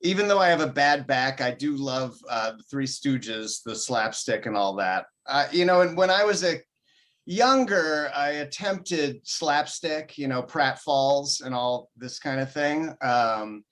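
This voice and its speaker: A man, a comedian guest, chatting in an interview in a halting way, full of ums and uhs, and laughing easily. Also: medium pitch, animated, fairly bright tone. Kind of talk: casual interview chat.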